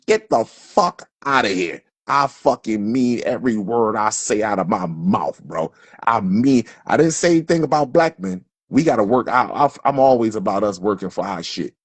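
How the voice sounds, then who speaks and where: The Philadelphia livestreamer sounds expressive and slightly rough at medium pitch and normal speed, the recording free of room sound. Fiery and profane, he repeats himself and stammers through restarts as his rant builds.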